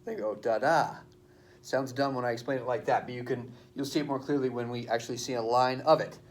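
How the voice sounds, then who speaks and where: Casual teacher sounding out verse rhythms. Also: male voice, mid-range voice, fairly even intonation, fast. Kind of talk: classroom lesson explained at a board. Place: classroom.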